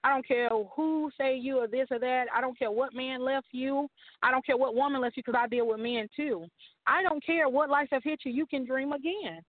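A woman's voice: high voice, normal speed, no echo. A woman pastor speaking as a talk-show guest, urging listeners emphatically and repeating rallying phrases like a preacher. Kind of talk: testimony and encouragement on a talk show. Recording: tinny phone-like line.

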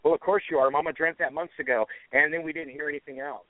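A man, a guest telling folksy, animated stories during a phone interview from the roadside. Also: fairly high pitch, fast, no room sound. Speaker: guest auctioneer. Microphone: phone call. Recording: tinny dry phone line.

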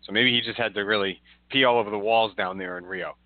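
A man's voice: fairly low pitch, fast, dry recording. A man co-hosting a casual podcast chat, making wry, jokey asides. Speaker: podcast co-host. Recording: dry, tinny phone-like line.

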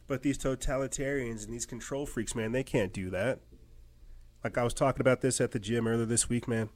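A man talking on his own show in a loose, rambling monologue. He gets emphatic, slips into mocking voices when he quotes people and laughs at his own impressions. His voice sits at an ordinary middle pitch. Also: steady tone, fairly quick, darkish tone. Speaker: podcast host. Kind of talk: casual monologue.

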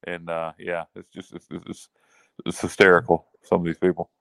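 A man's voice: low voice, completely flat delivery, moderate pace, gravelly, a bit bright, no echo. A man co-hosting a casual sports chat show, joking and self-mocking. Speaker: podcast co-host.

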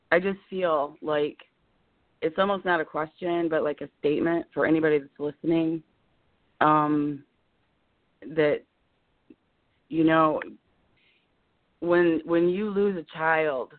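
A woman's voice: deep voice, steady tone, takes it slowly, pauses often, no echo. A woman in her fifties calling in to a live show, talking in emotional, rambling bursts and holding back tears. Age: 50s. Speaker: caller. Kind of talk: caller on a live call-in show. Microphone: telephone. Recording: tinny phone line.

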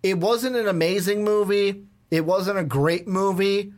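A man's voice: sits high, measured pace. A man co-hosting a casual movie review podcast, rambling with lots of "like" and acting out scenes as he retells them. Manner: rambling, peppered with "like". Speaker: podcast co-host.

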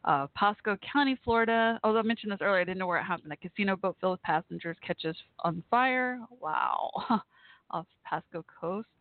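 A talk show host chatting casually on an online radio show, reacting excitedly with gasps and exclamations. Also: medium pitch, dry recording. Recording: dry, phone-like line.

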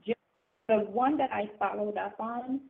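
Quiet woman caller on the phone. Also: medium pitch, measured pace, gravelly. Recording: tinny phone line.

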